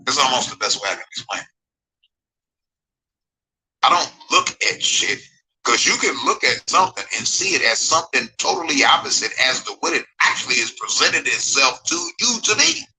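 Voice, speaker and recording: A mid-range, sing-song male voice, bright, forceful and slightly rough, moves at a moderate pace on a low-quality recording. The speaker, in his forties, rambles through a livestream while reading chat comments, emphatic and digressive, repeating phrases and often asking viewers if they follow him and agree.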